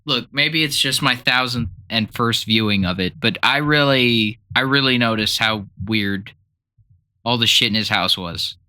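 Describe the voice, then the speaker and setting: A man co-hosting a casual film podcast, animated and teasing, swearing freely. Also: medium pitch, measured pace. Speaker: podcast co-host.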